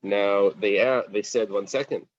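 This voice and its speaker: A man's voice: on the low side, fairly even intonation, unhurried, no echo, dull audio. A man teaching a Talmud class in plain English, mixing in Aramaic and Hebrew quotes, with fillers and restarts. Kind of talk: daf yomi Talmud class.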